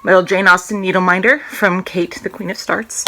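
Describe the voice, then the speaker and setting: Bright-voiced chatty woman vlogger. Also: on the low side, steady tone, normal speed, slight background noise. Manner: rambling, self-interrupting, jokey. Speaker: cross-stitch vlogger. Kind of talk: casual chatty show-and-tell. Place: at home.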